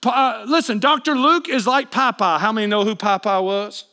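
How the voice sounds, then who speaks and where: A man preaching a sermon as pastor, swinging between loud emphatic appeals and hushed asides, often questioning his congregation directly. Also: sits high, normal speed.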